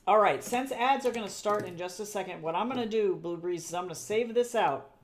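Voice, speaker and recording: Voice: mid-range voice, brisk. An artist chatting casually during a live drawing stream, rambling, correcting themself often, and swearing now and then. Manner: chatty and rambling, with frequent self-corrections and repeated phrases; swears casually and laughs at own jokes.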